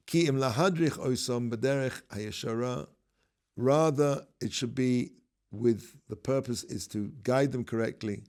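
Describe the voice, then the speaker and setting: A man, a rabbi, giving a relaxed, conversational Torah lesson, telling stories and mixing in Hebrew terms. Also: mid-range voice, creaky. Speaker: rabbi teaching a class.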